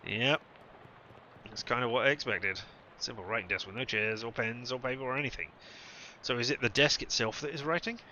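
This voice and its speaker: A man's voice: medium pitch, fairly quick, pushed and bright, dull audio, a little hiss or hum. A man casually commenting while playing a video game, with wry, dry, sarcastic remarks. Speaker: let's play gamer.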